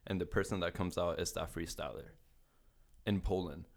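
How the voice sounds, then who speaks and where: A young man from California with a very low voice tells a rambling travel story on a podcast. He is animated and swears freely, and he slips into the voices of the strangers he met along the way. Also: moderate pace, gravelly. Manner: animated, swears a lot, acts out the voices of people in his story. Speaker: guest telling a travel story.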